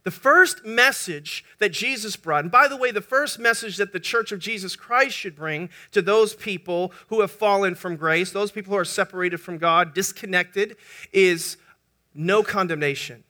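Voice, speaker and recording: A male pastor preaching a sermon in an animated way, joking with his congregation. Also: high voice, normal speed. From United States.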